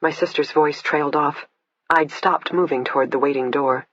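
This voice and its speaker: A man with a husky voice reading a first-person thriller as steady scripted narration. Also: fairly high pitch, normal speed, dry recording. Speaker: audiobook narrator. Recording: dull lo-fi, dry.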